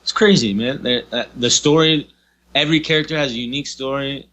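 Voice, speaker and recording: A man's voice: mid-range voice, fairly bright tone, highs cut off. Rambling, cursing podcast co-host, man. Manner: rambling, full of "you know what I mean" and cursing. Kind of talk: casual chat.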